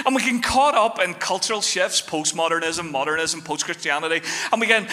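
A man preaching a sermon as pastor, telling stories with lively shifts between quick bursts and slow, weighty phrases. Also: high-pitched. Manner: animated storytelling, shifting fast and slow. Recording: long hall reverb.

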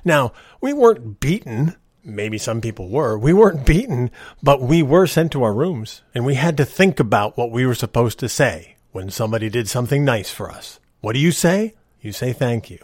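Animated middle-aged man hosting a podcast. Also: mid-range voice, normal speed, few pauses, no echo, studio quality. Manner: ranting, earnest, animated. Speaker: podcast host. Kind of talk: casual monologue.

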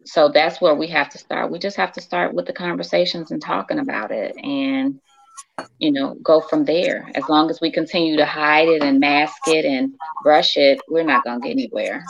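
Low-voiced woman, gravelly, firm and emphatic, kinda muffled audio. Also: fairly even intonation, moderate pace. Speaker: podcast co-host. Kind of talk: casual panel discussion.

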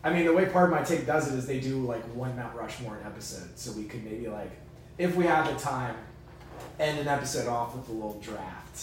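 A young man co-hosts a podcast in loose, casual chat. He sounds laid-back and enthusiastic and tends to ramble. His voice sits at an ordinary pitch and comes from a distance, with heavy room echo around it. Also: expressive, fairly quick, a little hiss or hum. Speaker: podcast co-host. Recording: echoey room, distant mic.

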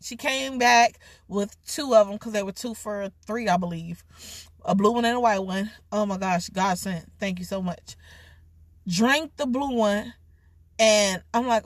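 A young adult woman vlogger telling a casual story in an animated, overly dramatic way. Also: mid-range voice, measured pace, no room sound, clean studio sound. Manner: self-described overly dramatic, animated retelling.

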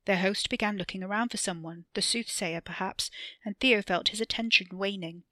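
A woman reading her own dark fiction podcast in a steady, measured storytelling voice. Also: mid-range voice, dry recording. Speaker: podcast author and narrator. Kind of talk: audiobook-style fiction narration.

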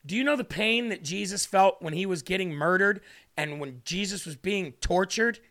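A man's voice: high voice, moderate pace, fairly bright tone. A man preaching an emotional livestream sermon, pleading and repeating questions for emphasis.

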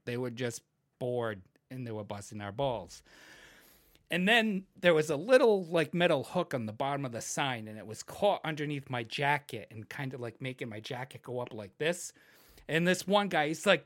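A young man in casual podcast chat, telling a wild story with lots of swearing and shouted, acted-out quotes. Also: mid-range voice, animated, moderate pace. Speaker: podcast co-host.

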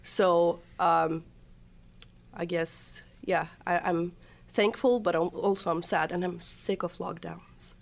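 A young woman from Russia, a TikTok comedian appearing as a guest, chats casually in an interview, telling stories, laughing often, and acting out quotes. Her gravelly voice is on the low side, slow, and fairly even in intonation.

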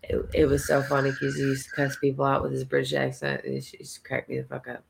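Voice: mid-range voice, sing-song, fast, vocal fry, a little hiss or hum. A podcast co-host in casual chat, laid-back and chatty, often laughing.

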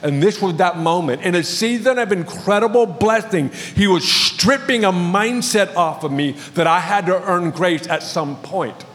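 Male pastor with a high voice, joking his way through a sermon story in a big echoing church. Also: moderate pace, few pauses, a bit bright. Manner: storytelling with light humor. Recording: long reverb of a large hall.

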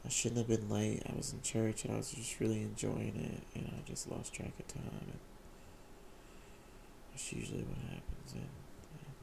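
A young man candidly telling a personal story in casual slang, often halting and repeating his words. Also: fairly low pitch, steady tone, vocal fry, noisy background. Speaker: vlogger sharing a personal story.

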